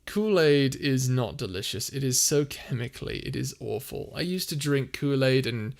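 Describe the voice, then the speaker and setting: A man's voice: mid-range voice, lively intonation, moderate pace, creaky. Young man chatting on a stream. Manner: chatty and playful, laughs often. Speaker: streamer and audio creator. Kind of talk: casual live-stream chat, reading viewer comments.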